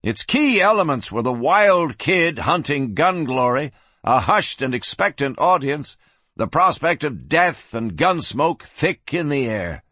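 A man narrating a western audiobook with expressive storytelling, slowing for tense moments. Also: on the high side, breathy edge, no room sound.

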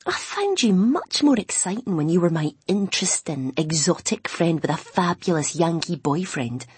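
A brash, loud-mouthed young woman friend, full of drama, put on by a woman narrator. The voice is husky and quite low. The sound is dry. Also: big pitch swings, normal speed, no echo, exaggerated voice. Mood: teasing.

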